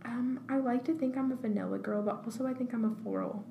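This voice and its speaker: A woman's voice: fairly high pitch, quick pace, gravelly, muffled recording. A young woman chatting casually and reading quiz options aloud with a rising lilt. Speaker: quiz co-host. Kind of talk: casual chat. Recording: roomy with faint noise.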